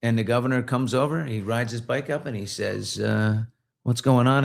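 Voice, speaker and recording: A middle-aged man hosts a podcast and tells a long story in a relaxed chat. He talks at an average pitch and acts out the people in it with lively put-on voices. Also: fairly quick, vocal fry. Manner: animated, acts out voices in his stories. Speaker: podcast host.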